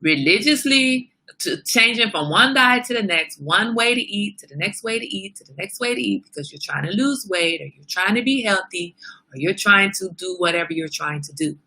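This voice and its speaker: Gravelly, bright-voiced chatty woman host. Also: medium pitch, animated, moderate pace. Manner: chatty, talks straight to viewers. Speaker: livestream host. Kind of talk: casual livestream chat.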